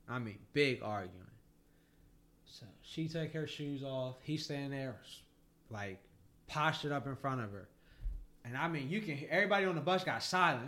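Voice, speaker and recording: A man co-hosting a podcast, telling a story in a casual, animated way, swearing a lot and laughing as he goes. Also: normal speed. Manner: animated, profane storyteller, voice jumps high when excited. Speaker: podcast co-host.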